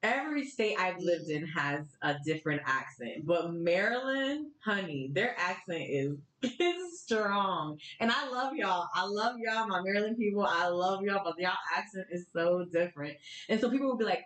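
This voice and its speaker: A young woman from Florida, a podcast guest telling stories in casual chat, candid and animated, swearing now and then. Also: fairly low pitch, normal speed. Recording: echoey room.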